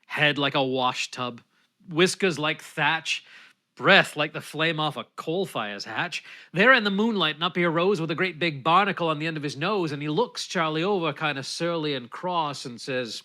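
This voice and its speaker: A man's voice: a little high, moderate pace, bright, forceful tone. A man reciting a folksy narrative ballad at an online bardic gathering. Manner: folksy down-east storytelling. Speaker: poetry reciter.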